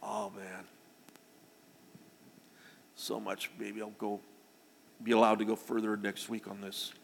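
A man preaching a sermon to his congregation, building to loud, emphatic declarations. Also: lowish voice, little pitch movement, slow, vocal fry, in a large hall. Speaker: pastor. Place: church sanctuary.

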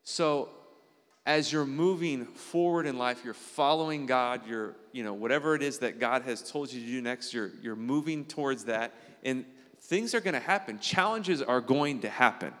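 A male pastor gives a relaxed, conversational sermon at an ordinary middle pitch. He keeps checking in with his listeners through quick tag questions and turns earnest, with sudden leaps up in pitch. His voice carries a long reverb, as though recorded in a church hall. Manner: earnest, animated preaching with sudden jumps in pitch.

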